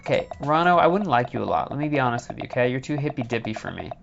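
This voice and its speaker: A man's voice: medium pitch, very animated, racing, gravelly. A man casually chatting and joking while streaming a game, rambling into comic rants. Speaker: streamer playing a visual novel. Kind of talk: casual live-stream banter. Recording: slightly dull lo-fi stream audio with faint music.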